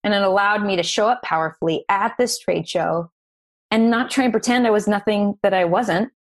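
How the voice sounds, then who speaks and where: An earnest woman guest on an interview podcast, speaking at a medium pitch. She tells her story with feeling and energy, her voice lifting as she goes. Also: moderate pace. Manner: earnest, emotional, animated retelling. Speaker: guest, business founder.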